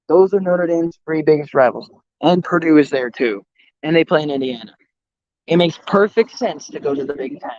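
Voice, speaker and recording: A young man with a slightly high voice rants on a stream, blunt and full of swearing. His sound is dull and a bit lo-fi, with a dry close mic. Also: a little mellow, no room sound. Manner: blunt, profane, opinionated sports talk. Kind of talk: casual chat. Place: outdoors. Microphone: voice call or stream mic.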